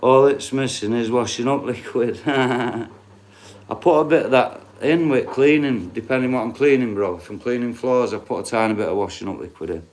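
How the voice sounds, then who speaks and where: Talking directly to his live-stream chat, this Yorkshireman in his late forties keeps things casual and swears without holding back. He speaks at a normal speed in a mid-range, slightly mellow voice with a Yorkshire accent.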